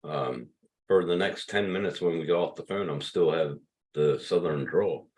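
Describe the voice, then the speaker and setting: A man's voice: sits low, moderate pace, a little mellow, husky. A man in his fifties from Pennsylvania, hosting a loose livestream chat, rambling and swearing freely. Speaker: livestream host.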